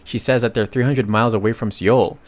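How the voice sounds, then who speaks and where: A man narrating a comic recap in a casual, chatty way, with sudden loud bursts and slangy asides. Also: on the low side, steady tone, fairly quick.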